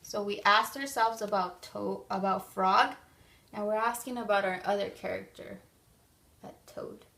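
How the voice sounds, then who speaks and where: A woman teacher reading a picture book aloud to children and thinking aloud through why questions in a gentle, guiding way. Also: medium pitch, steady tone, unhurried, vocal fry. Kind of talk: classroom read-aloud and lesson.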